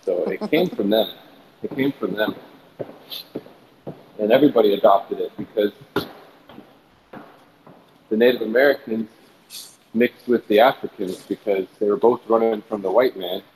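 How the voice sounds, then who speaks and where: A man's voice: lowish voice, moderate pace, long pauses, background noise. A man chatting casually on a stream, lecturing his friends with a teasing edge. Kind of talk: casual chat.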